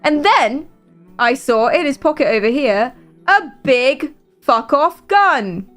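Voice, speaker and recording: A woman's voice: high voice, expressive, slow, faint music behind. Giggly rambling British woman streamer. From Britain. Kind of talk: casual live-stream chat.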